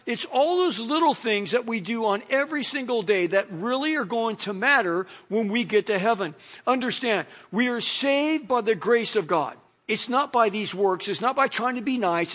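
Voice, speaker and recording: A man's voice: very high-pitched, fairly bright tone. A middle-aged male pastor preaching a sermon in a casual, conversational way, full of "you know" asides.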